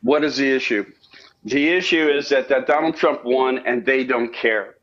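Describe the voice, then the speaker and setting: Bright-voiced guy calling in, insistent, kinda muffled lo-fi line. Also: mid-range voice, moderate pace, a little hiss or hum. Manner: insistent, repeats words. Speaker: caller. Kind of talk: heated political argument.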